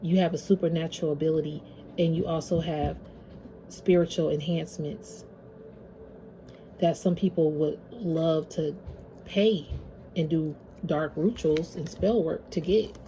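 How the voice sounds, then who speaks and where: Low, mellow-voiced woman reading tarot. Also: steady tone, unhurried, a little hiss or hum. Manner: chatty, slangy, addresses viewers as y'all. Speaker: tarot reader. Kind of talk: casual spiritual reading.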